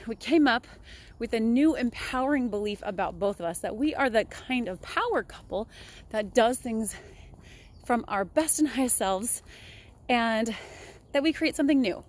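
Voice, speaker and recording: A woman's voice: fairly high pitch, expressive, measured pace, long pauses. A young woman talking casually and upbeat in a motivational vlog, chatting while walking outdoors. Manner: chatty, upbeat, laughs often. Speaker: vlogger.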